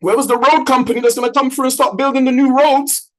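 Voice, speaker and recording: A man's voice: very high voice, fairly even intonation, fast, fairly bright tone, rough recording. A man leading a trading community on a group video call. He talks in a punchy, motivational way and repeats lines for emphasis.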